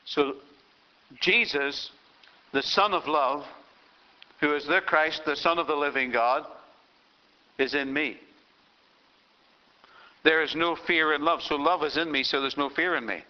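Older guy pastor preaching, kinda high voice, muffled lo-fi recording. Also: a little slow, pauses often. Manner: storytelling, reads scripture aloud, emphatic. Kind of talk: sermon. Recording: dull lo-fi sound.

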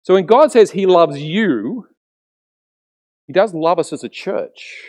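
A pastor delivering a sermon in a lively, wide-ranging voice that rises and falls sharply. He tells stories with many restarts, acts out little voices, and talks straight to his listeners with questions. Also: sits high, takes it slowly. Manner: animated storytelling with frequent restarts, acting out voices; addresses the congregation directly with questions.

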